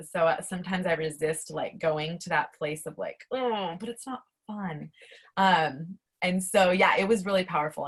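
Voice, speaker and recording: Guest, young woman, husky tone, casual and animated, over a video call. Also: fairly low pitch. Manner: animated, many fillers and restarts. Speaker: interview guest, academic life coach. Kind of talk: casual conversational interview.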